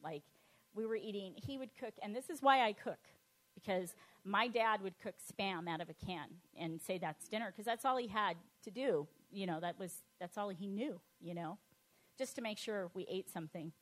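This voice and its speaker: A woman, middle-aged, telling her personal testimony in a lively, animated way, laughing often and acting out the voices she quotes. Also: medium pitch, moderate pace.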